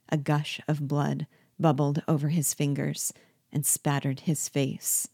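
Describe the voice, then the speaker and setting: Low-voiced woman reading an old novel aloud, steady n expressive, dry close mic. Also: gravelly, no echo. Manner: measured, expressive storytelling. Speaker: reader and teacher.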